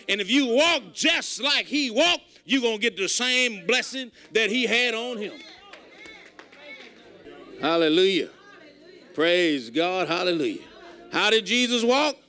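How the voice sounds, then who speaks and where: High, bright-voiced folksy preacher man. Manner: folksy, emphatic preaching with shouted peaks. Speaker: pastor. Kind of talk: sermon.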